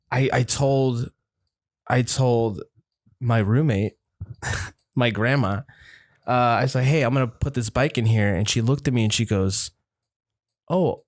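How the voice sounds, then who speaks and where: Young male podcast host, casual rambler, voices others' lines, mid pitch, dry close sound. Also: dry recording. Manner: rambling storyteller, acts out quotes in raised voice, swears. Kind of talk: casual chat.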